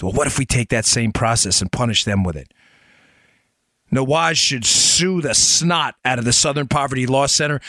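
A man's voice: medium pitch, pushed and bright, dry recording. A middle-aged man hosting a podcast, delivering heated political commentary in a combative, ranting way full of punchy rhetorical questions. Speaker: podcast host.

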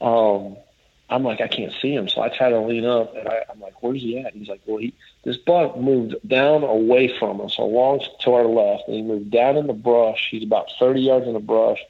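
A man's voice: medium pitch, steady tone, normal speed, breathy edge. A man casually telling a long story as a guest, rambling and restarting as he quotes others. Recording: dull lo-fi audio.

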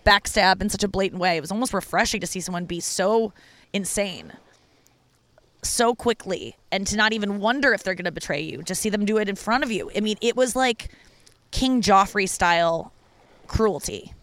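A woman's voice: normal speed, no room sound. A woman comedian telling a personal story in casual monologue. She is candid and profane, with lots of "like" fillers. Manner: animated when quoting people, with big pitch jumps. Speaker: stand-up comedian.

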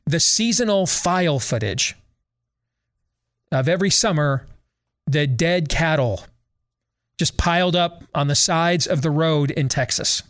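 A man's voice: fairly high pitch, expressive, unhurried, long pauses, a bit bright. An American man hosting a talk show, delivering a sarcastic monologue full of rhetorical questions and leading questions to his co-hosts. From United States.

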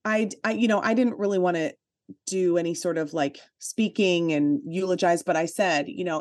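Woman podcast cohost, lowish voice, chatty storytelling w lots of "like". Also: moderate pace, darkish tone, no room sound, clean studio sound. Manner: chatty, frequent "like" fillers, emphatic asides. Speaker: podcast co-host. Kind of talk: casual chat, personal storytelling.

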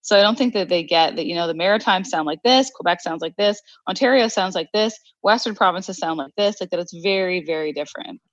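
Brief: Canadian woman, co-host, slightly low voice, dry muted studio sound. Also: brisk, few pauses, no echo, dull audio. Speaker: podcast co-host. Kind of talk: casual chat.

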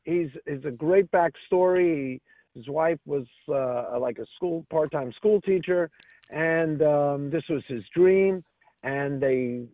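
A man's voice: fairly high pitch, no room sound. Enthusiastic man on a tinny phone line. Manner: enthusiastic, talkative. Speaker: farmers market caller. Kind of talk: casual radio call-in chat. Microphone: telephone.

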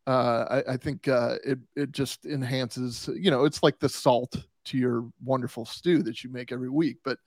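A man's voice: medium pitch, fairly even intonation, normal speed, few pauses, darkish tone, dry recording. Rambling man with a dry close mic. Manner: rambling, restarts, laughs easily. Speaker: podcast co-host. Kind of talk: casual chat.

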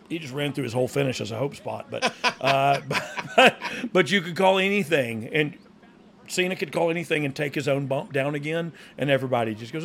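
A man co-hosting a podcast, chatting casually while watching a wrestling match, laughing often and now and then bursting into loud mock play-by-play. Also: on the high side, vocal fry, slight background noise. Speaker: podcast co-host.

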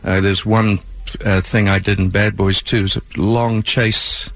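A man's voice: lowish voice, level tone, measured pace, a bit bright, dry recording. A man with a South African accent, a musician and film composer, explaining his work at length in a radio interview.

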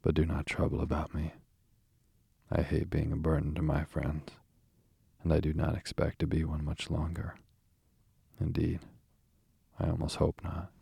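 A man's voice: a bass voice, completely flat delivery, normal speed, creaky, pauses often, mellow, husky, no echo, full character voice. A man reading the part of a self-pitying toad who murmurs weakly from his sickbed. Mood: feeble. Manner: languid, murmuring, weak.

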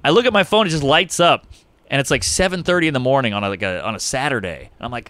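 A man's voice: mid-range voice, quick pace. A man who works as a stand-up comedian, telling stories in casual podcast talk, acting out other people's voices and swearing freely. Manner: animated, acts out other people's voices, profane.

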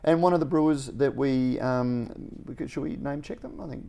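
Rambling podcast co-host, mellow voice. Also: male voice, mid-range voice, moderate pace, creaky, slight background noise. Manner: rambling, laughs often. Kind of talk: casual podcast chat.

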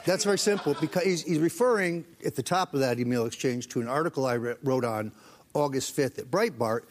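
A man on a talk show, defending himself insistently with quick, firm rebuttals. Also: mid-range voice. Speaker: political operative guest. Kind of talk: combative talk-show debate.

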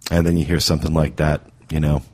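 Male podcast host, very low and husky, halting and filler-heavy delivery. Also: little pitch movement, a little mellow. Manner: halting, full of fillers and restarts. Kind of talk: casual podcast talk.

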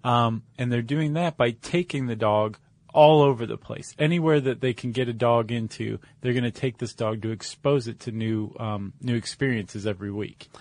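A man's voice: mid-range voice, normal speed, darkish tone, no echo. A man co-hosting a podcast, explaining things in a casual, wry, conversational way with fillers. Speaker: podcast co-host. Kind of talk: casual chat.

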